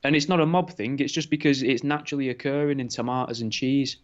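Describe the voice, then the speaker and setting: A relaxed man co-hosting a casual podcast, his voice at a middling pitch. He riffs on silly ideas, and the recording sounds dull and lo-fi. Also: fast. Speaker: podcast co-host. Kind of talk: casual chat.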